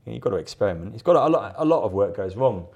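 A man's voice: on the low side, very animated, very fast, gravelly, a little mellow, breathy edge, highs cut off. A middle-aged man, a guest artist in a live interview, talking in a rambling, chatty way with frequent laughs and repeated words. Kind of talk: casual interview chat.

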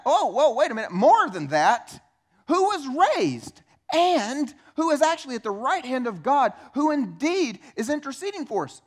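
A man preaching a sermon, animated and emphatic, asking rhetorical questions of his congregation. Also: extremely high pitch, moderate pace. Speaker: pastor.

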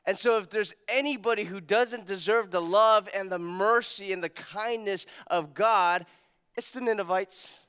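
Pastor, male, high smooth voice; animated sermon delivery with acted-out quotes and quiet emphatic drops. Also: measured pace.

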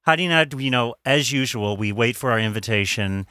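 A man's voice: medium pitch, a little fast, bright, forceful tone, dry recording, studio quality. A man co-hosting a podcast, joking playfully and laughing often. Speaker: podcast co-host. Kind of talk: joking casual chat.

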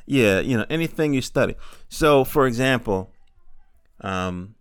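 A man's voice: medium pitch, expressive, measured pace, clean tone, no room sound, clean studio sound. A middle-aged man giving a rambling, digressive monologue, full of fillers and casual swearing. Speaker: podcaster. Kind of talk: rambling stream-of-consciousness monologue. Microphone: handheld field recorder.

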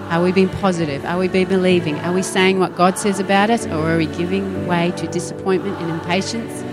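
Animated woman preaching over soft music. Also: on the low side. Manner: animated, rhetorical questions, acts out quoted voices. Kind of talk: sermon.

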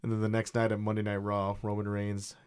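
Eager man talking fast on a podcast. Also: fairly low pitch, completely flat delivery, darkish tone, clear, resonant tone. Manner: quick, eager, interrupts and restarts. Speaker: podcast co-host. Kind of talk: casual chat.

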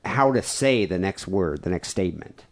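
A male podcast co-host with a low voice and animated pitch. He teases his partner and rambles through his points with many fillers. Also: moderate pace. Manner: teasing, rambling and full of fillers. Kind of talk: casual comedy podcast banter.

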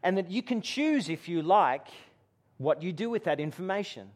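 A man preaching a sermon to a gathering, telling a story and dropping to a hush for dramatic moments. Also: high voice, lively intonation, normal speed. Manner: storytelling with dramatic hushed drops. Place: room with a gathering.

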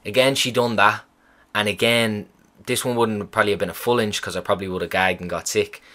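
A young man rambles through a story in a casual chat. His voice sits a little low, and he swears freely as he retells events with animated emphasis. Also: a little fast. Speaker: vlogger.

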